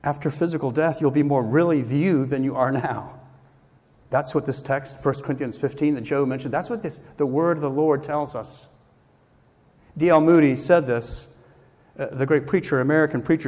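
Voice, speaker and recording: A man's voice: a little high, normal speed, a little mellow. A man preaching a sermon, earnest and emphatic, acting out the people he quotes. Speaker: pastor. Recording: long hall reverb.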